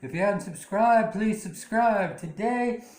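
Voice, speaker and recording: A man's voice: high voice, unhurried, a little mellow, reverberant. A man hosting his own channel, casually retelling a drama episode with lots of fillers and restarts. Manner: rambling, many fillers and restarts. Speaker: channel host. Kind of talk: casual plot recap.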